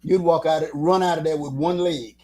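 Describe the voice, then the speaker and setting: A man, chatting as a radio guest. He tells stories animatedly, slipping into little impressions. His voice sits a little high for a man. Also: normal speed. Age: 70s. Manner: animated storyteller, slips into impressions. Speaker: guest musician. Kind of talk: casual radio chat.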